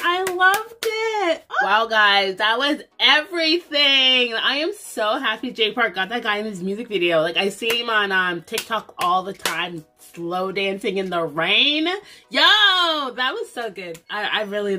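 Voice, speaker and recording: A young woman hosting a casual reaction vlog, bubbly and hyped up, filling her talk with "like". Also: medium pitch. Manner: bubbly, hyped-up, lots of "like" and "get it". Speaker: reaction video host. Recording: music video playing loudly behind.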